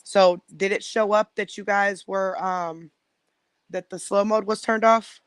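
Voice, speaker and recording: A woman chats into her phone on a live stream at home, rambling from one thought to the next and talking straight to her viewers. Her voice sits at an ordinary middle pitch. The sound is dry and close, with no room echo. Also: steady tone, a little slow, clear, resonant tone. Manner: rambling, chatty, talks to viewers directly. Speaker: livestream host. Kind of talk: casual live-stream chat.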